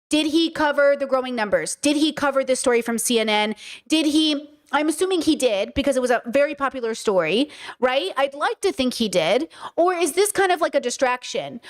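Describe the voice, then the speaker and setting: A woman with a high voice giving casual live-stream commentary on clips. She talks emphatically and keeps asking rhetorical questions. Her speech is full of fillers.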